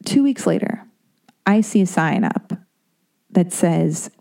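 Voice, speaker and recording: A woman with a somewhat low, warm and relaxed voice tells a long story on her podcast. She talks casually and rambles, sprinkling in swear words and side remarks before finding her way back to the point. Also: slow, creaky. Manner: chatty, profane, self-interrupting with asides. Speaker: podcast host.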